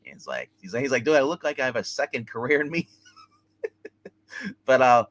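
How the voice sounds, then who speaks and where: Male co-host, lively pitch, acts out scenes in a casual review, dry sound. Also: a little fast, no room sound. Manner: animated retelling, acting out scenes, many fillers.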